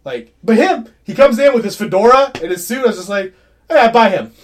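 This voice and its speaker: A man co-hosting a casual movie discussion, animated and halting with frequent restarts. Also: sits high.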